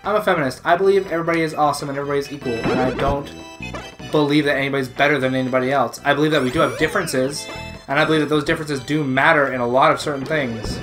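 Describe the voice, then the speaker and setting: A man's voice: fairly high pitch, steady tone, very fast. A man co-hosting a casual chat who rambles, swears and peppers his talk with fillers. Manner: rambling, profane, full of "like" fillers. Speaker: co-host. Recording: background music.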